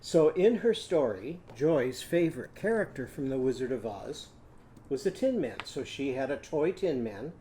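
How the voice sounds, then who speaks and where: A man teaching a children's phonics lesson, drilling sounds in a slow, clear, sing-song way. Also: medium pitch, very animated, mellow, slight background noise. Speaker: literacy teacher.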